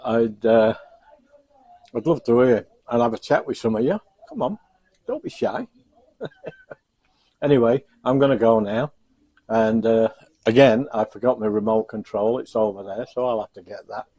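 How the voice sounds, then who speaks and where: A man's voice: on the low side, fairly even intonation, normal speed, long pauses, mellow, no room sound. A man chatting casually in a home cooking vlog, self-mocking and chuckling as he tries his food. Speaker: cooking vlogger.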